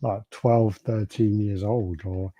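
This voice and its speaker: A man co-hosting a podcast in halting, sweary casual chat. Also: on the low side, fairly even intonation, highs cut off. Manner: rambling, halting, swears, laughs often. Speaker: podcast co-host.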